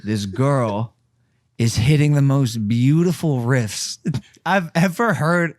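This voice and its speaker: A young man in his twenties hosting a podcast, telling stories in an animated, casual way with swearing. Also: mid-range voice, takes it slowly, no room sound, studio quality. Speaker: podcast host. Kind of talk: casual chat.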